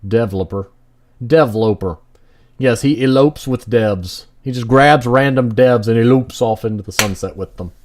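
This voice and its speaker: A man's voice: medium pitch, moderate pace, few pauses, a little hiss or hum. Man making wry let's play jokes. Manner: wry, joking asides to the game.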